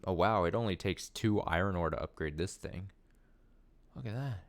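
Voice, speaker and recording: A man's voice: low-pitched, normal speed. A young man streaming a video game, chatting casually and wondering aloud as he reads in-game text. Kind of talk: casual gameplay commentary, reading text aloud.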